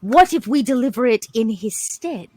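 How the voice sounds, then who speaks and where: A woman playing a tabletop role-playing game who pitches plans with playful flair. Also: expressive, normal speed, darkish tone, no room sound. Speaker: player. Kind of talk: in-character tabletop play.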